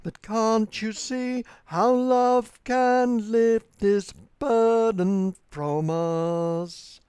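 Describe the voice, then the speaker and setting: A reader voicing Merlin, a tender male wizard, murmuring softly in a recited verse tale. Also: mid-range voice, steady tone, drawn-out words, smooth, no echo. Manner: soft, murmuring, pleading.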